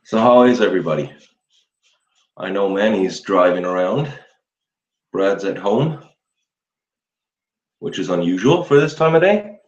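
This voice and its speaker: A man with a very deep, low voice hosts a laid-back live session, rambling and chuckling as he talks to his viewers. The sound is roomy and slightly dull, like a lo-fi home recording. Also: animated, unhurried, long pauses, darkish tone. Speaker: livestream host. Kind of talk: casual live chat while shaving.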